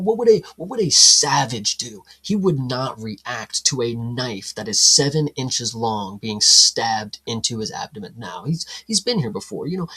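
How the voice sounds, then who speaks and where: A man co-hosting a casual film review chat, animated and profane, acting out scenes in mock voices. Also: mid-range voice, slightly rough. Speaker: podcast co-host.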